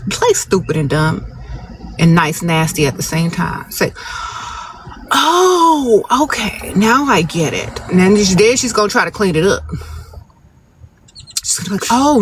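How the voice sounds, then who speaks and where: A man's voice: high voice, a bit bright, slight background noise. A man hosting a live phone stream outdoors, reading out viewer questions and giving blunt, sassy, no-nonsense relationship advice straight to the audience. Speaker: advice-giving livestream host. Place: outdoors, birds nearby.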